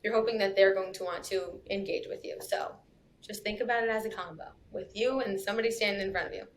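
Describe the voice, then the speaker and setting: Woman, thirties, chatty podcast guest, laughs often, faint rumble behind. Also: fast talker. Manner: chatty, laughs often, lots of "you know" and "like". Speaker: copywriter guest. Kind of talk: casual podcast chat.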